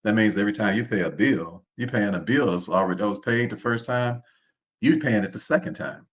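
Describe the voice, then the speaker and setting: A man with a very low voice hosts a live online session. He drives his points home by repeating them and keeps asking his listeners to answer him. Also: brisk. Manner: preacher-like, calls on the audience to respond; repeats phrases, informal speech. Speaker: host. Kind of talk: live online seminar talk.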